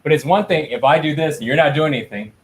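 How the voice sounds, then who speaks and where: A man hosting a casual chat while stretching, animated and acting out the voices he quotes. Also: fairly high pitch, fast talker. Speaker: host.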